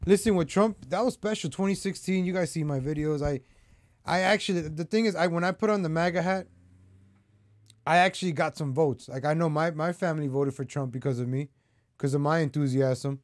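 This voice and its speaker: A man hosting his own political commentary vlog rants heatedly and repetitively straight at his viewers. His voice sits on the high side and moves fairly quickly, captured in a dry, clean studio recording.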